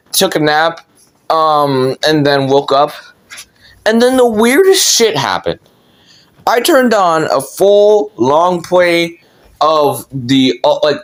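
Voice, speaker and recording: Young guy, slightly high voice, casual storyteller who rambles and swears. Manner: rambling, swears a lot, many fillers.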